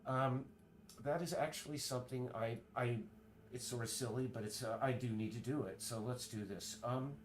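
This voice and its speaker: A man streaming, chatting casually in a rambling, halting way full of restarts while he works. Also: medium pitch, a little hiss or hum. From United States.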